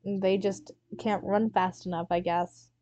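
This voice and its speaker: A woman voicing a frazzled female boss of a science facility who shrieks in frantic outbursts and turns quietly menacing, in a tabletop role-play game. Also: little pitch movement, a little slow, no room sound, lo-fi sound, close to an everyday voice. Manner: shrill frantic outbursts turning to low menace.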